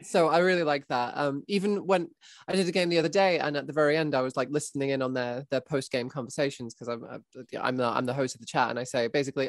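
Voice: mid-range voice, fairly even intonation, quick pace, no room sound, studio quality. A voice actor chatting casually over a video call, rambling with lots of fillers and laughs. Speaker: voice actor and guest. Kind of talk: casual chat.

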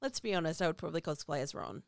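Gravelly, chatty woman recapping a movie. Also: low-pitched, animated, rapid-fire, no room sound, studio quality. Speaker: podcast co-host. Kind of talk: casual movie discussion.

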